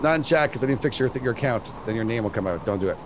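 A man's voice: mid-range voice, expressive, very fast, over a noisy crowd. A middle-aged man hosting a co-op game stream, joking and teasing in casual chat. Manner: jokey, teasing, chatty. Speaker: streamer host.

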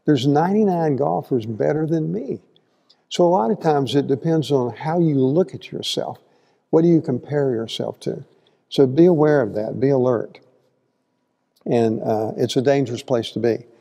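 Man, folksy Bible class teacher, mellow voice, asks the room questions, long hall reverb. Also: mid-range voice, normal speed. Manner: folksy, asks the audience questions, acts out quotes. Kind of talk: conversational Bible lesson. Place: church hall.

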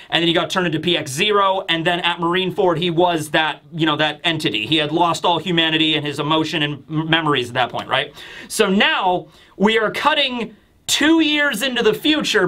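A man's voice: sits high, bright, forceful tone. A man giving a chatty, explanatory commentary as a manga review host. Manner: chatty, explanatory, frequent asides. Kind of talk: casual commentary.

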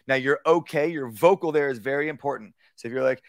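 A man teaching a live workshop on dog training, talking casually and acting out calm, low commands to a dog. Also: fairly quick, gravelly, few pauses, no echo. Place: outdoor workshop.

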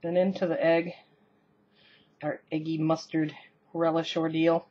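A woman's voice: low voice, little pitch movement, a little slow, highs cut off. A woman filming a casual cooking demo in her home kitchen, rambling and self-deprecating and laughing often as she talks to the camera. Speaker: cooking vlogger. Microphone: camera on the counter, later a handheld camera.

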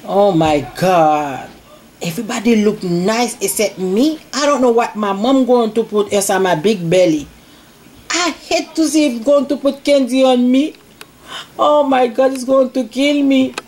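A woman voicing a fed-up female Easter egg who speaks slow, broken English. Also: a little high, darkish tone, lightly acted. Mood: fretful. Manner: slow, broken non-native English grammar.

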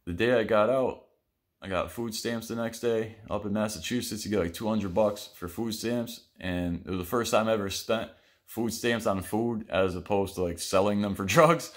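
A man's voice: on the low side, moderate pace. A man telling his own stories on his vlog in a blunt, rambling monologue full of swearing. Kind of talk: profane storytelling monologue.

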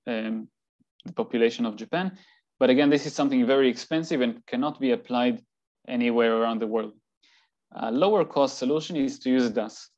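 A man giving an academic talk with slides, explaining in a measured way with occasional fillers. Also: medium pitch, a little mellow, dull audio. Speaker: seismology lecturer.

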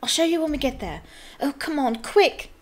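A woman's voice: sits high, lively intonation, moderate pace, voice pushed up. A woman doing an eager, bossy schoolgirl witch. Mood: urgent. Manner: urgent and insistent.

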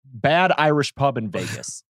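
A man's voice: mid-range voice, very animated, unhurried, dry recording, studio quality. A man guesting on a comedy movie podcast, joking crudely about a film.

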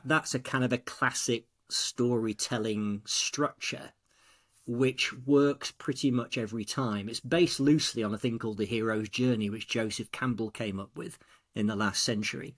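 A man, a storytelling coach on a podcast, talking casually and acting out quoted dialogue as he tells stories. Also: lowish voice. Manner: animated, acts out quoted dialogue.

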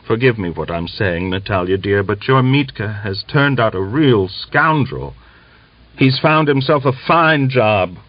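A man's voice: fairly low pitch, lively intonation, measured pace, dry recording. A man voicing a pious old peasant wife who speaks indignantly and challengingly. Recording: dull lo-fi dry recording.

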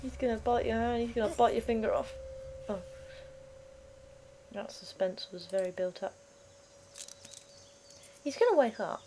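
A woman's voice: on the high side, unhurried, long pauses, warm tone, a little hiss or hum. A woman hosting a let's-play, jittery and giggly, gasping and exclaiming as she plays, speaking into a headset mic at home. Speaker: gaming channel host. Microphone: headset mic with headphones.

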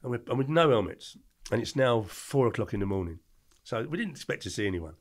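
A middle-aged man telling animated anecdotes as a podcast guest, acting out the quotes in his stories. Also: medium pitch, quick pace. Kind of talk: casual storytelling.

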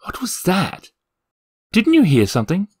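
A man voicing a polite, curious and inquisitive tourist who asks questions and calls out into the dark. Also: high voice, huge pitch swings, a little slow, slightly rough, no room sound, clean studio sound, voice pushed up, heavily acted. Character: curious, polite, wide-eyed adult male tourist.

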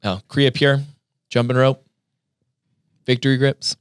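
A man talking as a guest on a podcast, relaxed and joking in casual chat. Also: mid-range voice, a little slow, smooth, no room sound, studio quality. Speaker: podcast guest, competitive athlete.

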